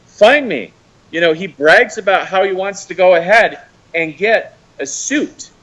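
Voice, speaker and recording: A man's voice: high-pitched, a little slow, highs cut off. An American man calling in to a show, ranting and mocking someone with lots of swearing. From United States. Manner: profane, mocking, animated ranting. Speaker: caller. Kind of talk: heated call-in rant.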